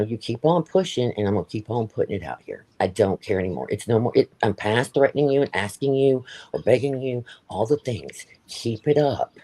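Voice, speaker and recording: A man's voice: medium pitch, mellow. A man hosting a livestream, talking in a heated, blunt way, swearing and repeating himself. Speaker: livestream host. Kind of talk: ranting live-stream chat.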